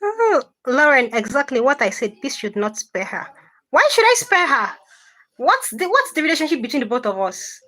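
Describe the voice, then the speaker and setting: A woman hosting a livestream, reading comments and answering with animated, indignant repetition. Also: sits high, a little fast, hardly any pauses. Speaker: livestream host.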